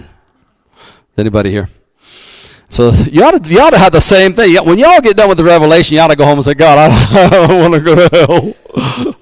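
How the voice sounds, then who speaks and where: Folksy preacher, dry sound. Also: male voice, medium pitch, dry recording, low-quality recording. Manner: folksy, emphatic preaching with colloquial asides. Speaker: pastor. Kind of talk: sermon.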